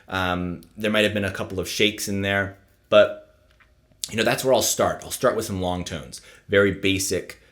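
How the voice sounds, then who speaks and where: Man explaining saxophone practice, low voice. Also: normal speed. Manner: relaxed, explanatory, often ends points with "right?". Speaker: saxophone teacher. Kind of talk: casual instructional video talk.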